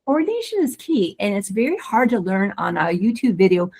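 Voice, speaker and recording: A woman who is a pelvic floor physical therapist, co-hosting a webinar and explaining recovery in a quick, excited, casual way with many restarts. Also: mid-range voice, husky. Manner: fast, excited talker with frequent restarts.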